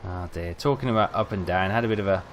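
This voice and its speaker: A young man chats casually over gameplay, telling rambling, self-mocking stories. His voice sits fairly low, and a faint hiss hums behind it. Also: fast talker. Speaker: gaming video host.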